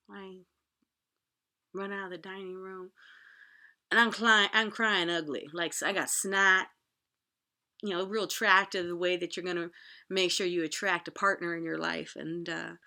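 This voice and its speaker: A woman telling a personal story from her own life, moving between hushed whispers and loud, pleading outbursts. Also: medium pitch.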